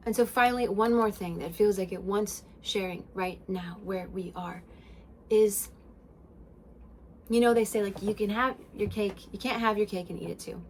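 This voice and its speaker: A woman's voice: mid-range voice, normal speed, a little hiss or hum. Emphatic, hard-swearing woman hosting a podcast. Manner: emphatic and profane, swinging between loud and hushed. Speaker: podcast host. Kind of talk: spiritual self-help monologue.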